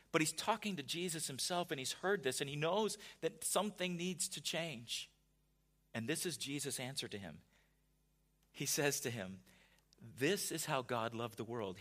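A male pastor with a medium-pitched voice gives a conversational sermon. He often restarts words and builds toward louder, emphatic passages.

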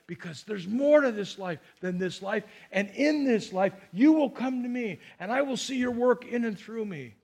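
A man preaching a sermon, who breaks into whiny, acted-out prayers to make his points. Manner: acts out whiny prayers in a higher voice. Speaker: pastor.

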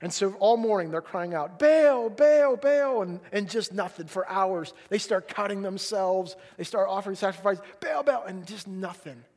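A man with a noticeably high voice delivers a sermon in a chatty, animated way. He keeps asking his listeners questions, leans hard on some lines and drops others to a hush. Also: normal speed, hardly any pauses. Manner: animated, swings between loud emphasis and hushed quiet lines; conversational, asks the audience questions. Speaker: pastor.

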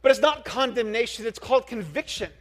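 A young man preaching a sermon as a youth pastor, animated, acting out quoted voices and repeating words as he builds his point. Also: very high-pitched, a little fast.

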